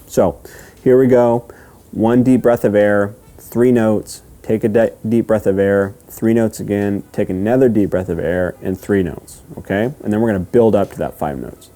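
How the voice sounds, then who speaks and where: A man giving a step-by-step lesson, patient and repetitive, often checking in with "okay?" and slowly counting out rhythms. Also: on the low side, steady tone, mellow. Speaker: duck calling instructor. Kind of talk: step-by-step instruction.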